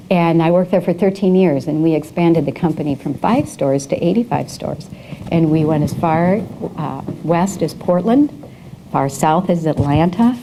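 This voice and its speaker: A middle-aged woman with a deep, mellow voice is a guest speaker giving a leadership talk at a breakfast event in an event room. She recounts her career with fillers and restarts, laughing at her own anecdotes. The audio is poor, with a faint hiss or hum.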